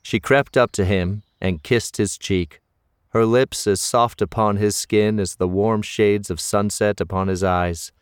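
A man narrating a novel as an audiobook, in a measured storytelling manner. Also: lowish voice, fairly even intonation, clean tone, no room sound, clean studio sound.

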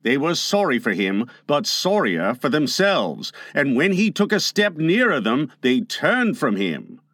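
A man reading a children's novel aloud as an audiobook narrator, with expressive delivery. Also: a little high, a little slow, dry recording.

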